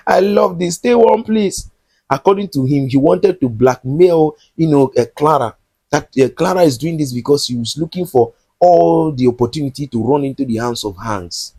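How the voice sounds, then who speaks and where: A male movie reviewer recaps scenes and talks straight at the characters with indignation. His voice is a little husky and fairly high, and it rises and falls with lively swings. The recording is dry and close. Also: no echo. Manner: indignant, scolding the characters directly. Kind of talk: recap and commentary on a film.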